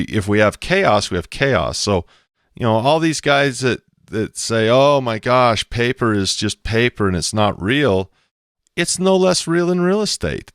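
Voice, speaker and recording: A man's voice: mid-range voice, creaky, a bit bright, no room sound, clean studio sound. A man talking emphatically on a podcast about investing, acting out little quoted exchanges as he goes. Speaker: co-host explaining investing. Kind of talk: animated podcast talk.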